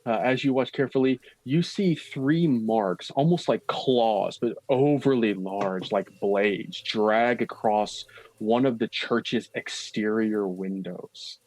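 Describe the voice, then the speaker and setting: A man running a tabletop horror game as dungeon master, describing scenes slowly and with suspense, with casual asides to his players. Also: fairly low pitch, darkish tone, no room sound.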